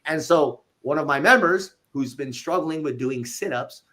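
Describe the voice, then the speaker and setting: A man who owns a gym, telling a coaching story in a casual interview, animated and blunt, with some swearing. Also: on the high side, normal speed. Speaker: gym owner and fitness coach.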